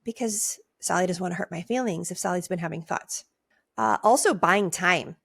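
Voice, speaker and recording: A middle-aged woman hosting a coaching podcast, talking conversationally and acting out client replies in a higher voice. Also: fairly quick, gravelly, fairly bright tone, husky, no echo. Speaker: podcast host and nurse life coach. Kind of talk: casual podcast teaching. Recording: dry close mic.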